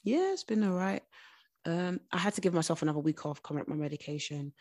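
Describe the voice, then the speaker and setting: A young woman co-hosting a podcast, telling stories in quick, animated casual chat. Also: fairly low pitch. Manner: quick, animated storytelling, many restarts. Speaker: podcast co-host.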